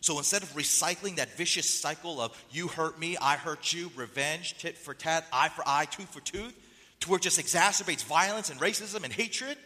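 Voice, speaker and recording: A man's voice: a little high, moderate pace, sharp tone, in a large hall. A man preaching a sermon as pastor, with a nasal voice, pressing the congregation with rhetorical questions and reading quotes aloud. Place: church sanctuary.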